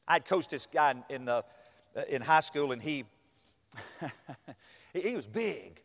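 A man's voice: a little high, unhurried, vocal fry. A man preaching a storytelling sermon, acting out quotes and laughing as he goes. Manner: animated, acts out quotes with laughter. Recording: long hall reverb.

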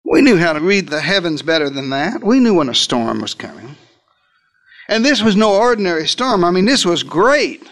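A man preaches a theatrical sermon, retelling a story in the first person as though he had been there and addressing his listeners directly. He shifts pitch and pace for emphasis, with big pitch swings, a moderate pace, and a fairly bright tone.

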